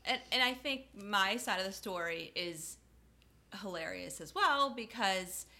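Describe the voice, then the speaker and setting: A woman's voice: medium pitch, lively intonation, measured pace, pushed and bright. A woman from South Florida co-hosting a podcast in casual chat, playful and self-mocking, laughing often. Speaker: podcast co-host.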